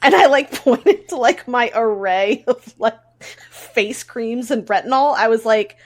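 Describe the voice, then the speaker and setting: A woman's voice: fairly high pitch, a little slow. A woman co-hosting a podcast in casual chat, giggly and quoting her own stories. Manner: giggly, lively, quotes herself. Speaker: podcast co-host.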